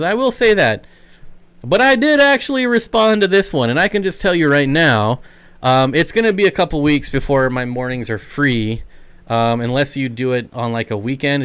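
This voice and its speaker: A man talking casually on a live stream, picking up chat comments and answering them as he goes. His voice is smooth and clear, sitting at an ordinary middle pitch. He rambles a little, loose and conversational. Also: a bit bright. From United States.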